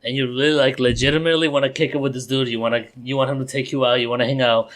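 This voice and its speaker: A man's voice: medium pitch, little pitch movement, rapid-fire, a bit bright. A man with a Colombian Spanish accent co-hosting a podcast in profane, rambling, self-mocking casual chat. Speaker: podcast co-host.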